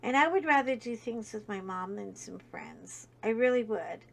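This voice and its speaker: A woman's voice: on the high side, expressive, normal speed, vocal fry. A woman hosting a chat video, telling a heartfelt personal story in a rambling way with many fillers. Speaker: host. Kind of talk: casual storytelling.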